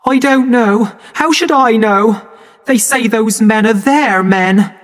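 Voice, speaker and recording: A man voicing a distraught, bitter woman, a troubled mother in a read-aloud story, with a shrill, tearful delivery. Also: slow, fairly bright tone, full character voice. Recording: long hall reverb.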